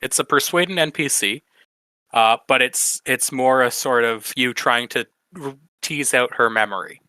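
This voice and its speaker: A man narrating and explaining scenes as game master in a tabletop game, relaxed and easygoing. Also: medium pitch, normal speed, smooth, no room sound. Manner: relaxed, explanatory, laughs easily.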